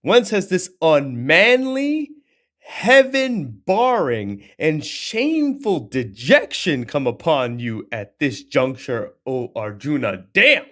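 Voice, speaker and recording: A man in his twenties reading out the words of a stern divine male charioteer, declaiming them in a raised, loud voice. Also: a little high, very animated, takes it slowly, full character voice. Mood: rousing, stern. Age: 20s.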